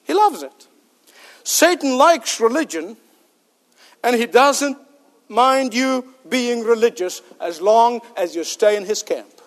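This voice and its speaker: A man's voice: extremely high pitch, lively intonation, slow pace. A male preacher giving an emphatic sermon with rhetorical questions and joking asides. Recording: long hall reverb.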